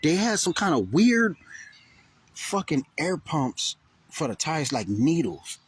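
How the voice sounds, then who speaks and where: A man's voice: on the high side, takes it slowly, husky. A man casually telling a rambling, profane story to camera with lots of restarts and fillers. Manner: rambling, profane, animated retelling with many restarts. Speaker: vlogger. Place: near Burlington, Vermont.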